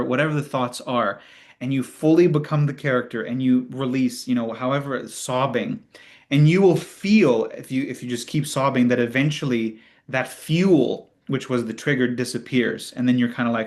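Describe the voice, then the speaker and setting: A man's voice: mid-range voice, moderate pace. A man hosting a spiritual Q&A, teaching in an earnest, conversational way and acting out inner thoughts. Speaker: host of spiritual Q&A.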